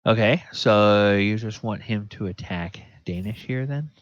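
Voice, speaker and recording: Deep slow-talking male game master. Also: no room sound. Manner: unhurried, thinks aloud with fillers. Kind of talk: running a tabletop game. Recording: dull lo-fi audio.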